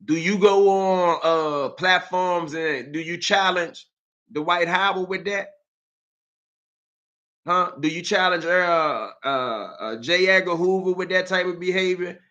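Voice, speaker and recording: Animated, bright-voiced DC man ranting. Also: high-pitched, slow. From Washington, DC. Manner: animated, mocking, streetwise banter. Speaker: live-stream host. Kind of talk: live-stream commentary.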